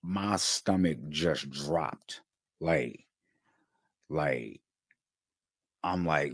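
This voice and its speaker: A man casually telling a personal story to his viewers, animated and slangy, full of fillers, acting out what others said. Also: very deep voice, very slow, gravelly, pauses often, dry recording, studio quality. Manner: animated, slangy, lots of fillers, acts out quotes.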